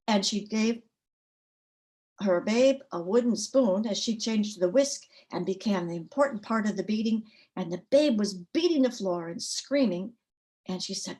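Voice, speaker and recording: A woman storyteller tells a folk tale with an expressive, rhythmic cadence. Her voice sits at a middle pitch, neither high nor low. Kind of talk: oral folk tale telling.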